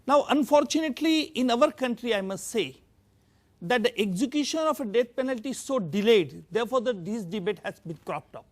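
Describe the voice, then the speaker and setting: A man's voice: very high voice, expressive, brisk. A man with an Indian English accent, a public prosecutor on a TV panel, arguing emphatically in loose grammar. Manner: emphatic, with non-native grammar. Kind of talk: panel debate argument.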